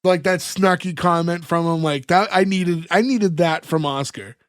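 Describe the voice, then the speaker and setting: A man's voice: high-pitched, normal speed, no room sound, clean studio sound. A man hosting a podcast, retelling scenes in casual chat and acting out the characters' lines. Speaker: podcast host recapping an episode.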